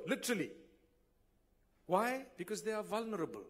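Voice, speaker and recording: Male preacher, high voice, earnest, rhetorical questions and loud exclamations, sermon to a gathering. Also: expressive, brisk, long pauses, husky. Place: gathering hall.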